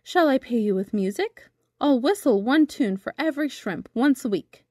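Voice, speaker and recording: A woman's voice: high-pitched, animated, moderate pace, darkish tone, no room sound, clean studio sound. A woman voicing a small, brave young male bird sailor who speaks politely in a storybook reading. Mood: earnest.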